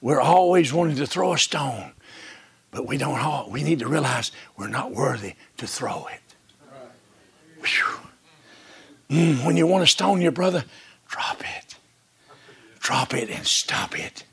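A male preacher delivers a sermon with a high, gravelly voice that leaps around in pitch. He talks in a folksy, repetitive way, fires rhetorical questions, and swings between near-whispers and shouts. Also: lively intonation, a little slow, pauses often. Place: church service.

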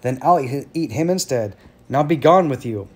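A big, ugly troll from a children's storybook, always hungry and snarling. He roars and growls his threats, low and loud, a man acting him out. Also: animated, moderate pace, breathy edge. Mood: greedy. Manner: roaring, growling.

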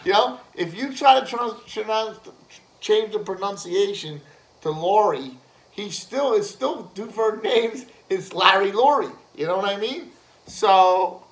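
Male ranter, high bright voice, slow unhurried delivery, crude and rambling, filler-laden. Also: poor audio. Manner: swears constantly, filler-heavy, laughs at own jokes. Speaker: host ranting to camera. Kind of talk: profane rambling rant.

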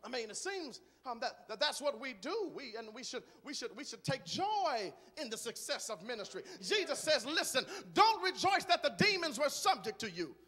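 A man preaching a sermon in a large church, moving from quiet talk to shouted, rhythmic preaching. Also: very high-pitched, sing-song, normal speed, hardly any pauses, big-room sound. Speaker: guest preacher.

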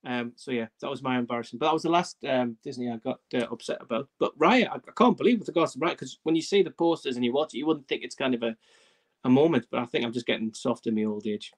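A man's voice: mid-range voice, quick pace. A middle-aged man hosting a casual live-stream chat, telling stories in a chatty, self-mocking way. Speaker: host.

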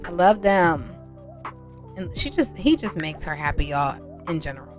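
A young woman hosts a casual game let's-play, speaking. She chats warmly with her viewers and often gets excited as she goes. Faint music plays softly behind her voice. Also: lowish voice, normal speed. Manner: chatty, excitable, talks to viewers as y'all. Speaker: gaming channel host.

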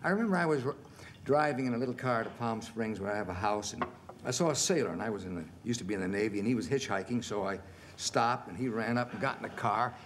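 A man in his sixties, a film actor as a television interview guest, telling stories in a lively way and acting out the quotes. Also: on the low side, fast. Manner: animated storyteller, acts out quotes, chuckles. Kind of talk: relaxed anecdotal storytelling. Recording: faint background noise, 1970s television interview.

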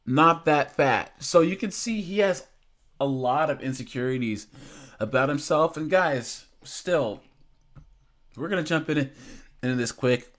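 Host, young adult man, slightly high voice, unhurried incredulous commentary with frequent laughs. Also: lively intonation. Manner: amused, incredulous, laughs between lines. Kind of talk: casual reaction commentary.

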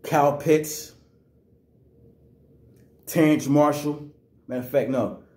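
Man, angry sports rant, raised pitch, roomy echo. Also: steady tone, slow pace, a little mellow. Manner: angry, repetitive, slangy. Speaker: sports vlogger.

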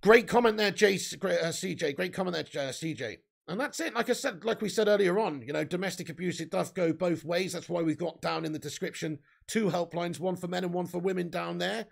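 Casting: English male live-stream host, gravelly and fairly high, chatty, reads out viewer comments, swears casually. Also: fairly quick, few pauses. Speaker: livestream host reading chat.

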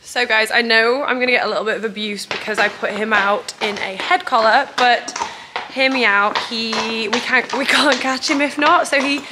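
A young woman, chatting casually and gently coaching a friend on horseback outdoors in a windy field. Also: fairly high pitch, fairly even intonation, normal speed. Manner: encouraging, gently instructive. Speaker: horse owner and channel host. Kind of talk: casual chat while coaching a rider. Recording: wind noise outdoors.

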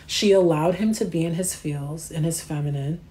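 A woman hosting a livestream, telling stories in a slangy, animated way and answering chat comments. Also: low-pitched, moderate pace. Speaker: livestream host.

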